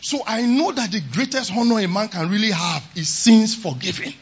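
Male pastor, emphatic sermon delivery with a husky edge, muffled lo-fi conference recording. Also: high voice, moderate pace. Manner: emphatic, repeats "praise the Lord". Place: large conference hall.

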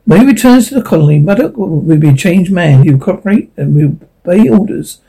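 A man's voice: high-pitched, animated, brisk, warm tone, breathy edge, heavily acted, low-quality recording. A man reading the lines of a polite, soothing colony official in a storybook reading. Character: colony pilot, smooth and ingratiating man.

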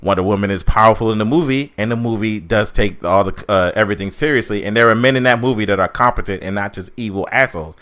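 A man's voice: on the low side, quick pace, few pauses, fairly bright tone. A man co-hosting a podcast, ranting in casual chat with a lot of swearing and mocking asides. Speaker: podcast co-host reviewing a film.

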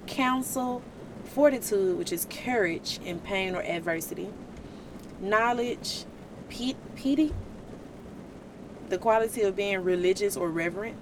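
A woman giving casual Bible teaching in an animated, slangy, joking way. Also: mid-range voice, noisy background. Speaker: Christian vlogger teaching the Bible.

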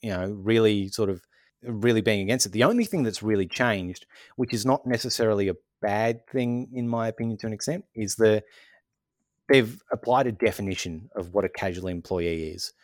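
A man co-hosting a podcast, calmly explaining things step by step with many "so essentially" fillers. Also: fairly low pitch, normal speed, no room sound, clean studio sound. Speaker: podcast co-host. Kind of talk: casual explanatory chat.

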